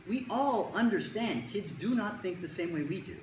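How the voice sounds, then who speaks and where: Lively lecturer in an echoey room. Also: medium pitch, normal speed. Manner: conversational, jokey, acts out quotes. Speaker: presenter on child anxiety. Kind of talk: lecture to parents. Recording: roomy echo, faint room noise.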